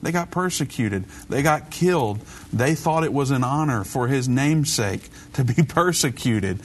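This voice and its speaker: Guy hosting a christian call-in show, quick casual talk, kinda preachy. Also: medium pitch, animated. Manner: brisk, conversational, preachy. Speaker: radio show host.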